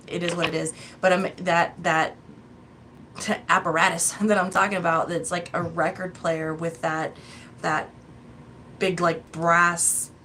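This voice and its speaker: A woman's voice: fairly low pitch, a bit bright, a little hiss or hum. A woman giving a tarot reading in a casual, chatty, rambling way, often breaking into laughs. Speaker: tarot reader.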